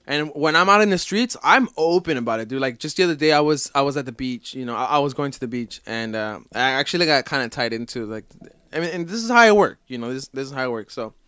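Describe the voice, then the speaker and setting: A man's voice: mid-range voice, expressive, fast, pushed and bright, clear, resonant tone, no echo, studio quality. A man chatting casually as a podcast guest, rambling loosely with lots of fillers.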